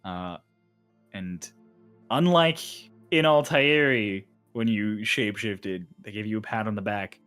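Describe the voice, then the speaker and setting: Game master man, laughing and animated. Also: fairly low pitch, measured pace, clear, resonant tone, faint music behind. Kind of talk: narrating a tabletop game.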